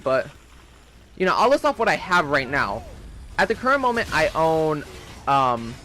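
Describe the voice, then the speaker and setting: A man's voice: a little high, sharp tone, a little hiss or hum. A young man rambling casually in gameplay commentary, chatty and full of fillers. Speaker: gaming channel host.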